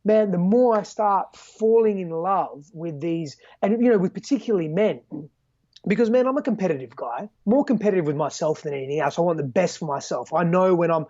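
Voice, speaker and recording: A man's voice: sits high, lively intonation, brisk, dark tone, dry recording. An Australian man as a podcast guest, talking earnestly and reflectively, swearing casually and often tagging "right?" and "man". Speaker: guest coach. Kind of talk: candid podcast conversation. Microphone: video call. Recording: dull lo-fi video call audio.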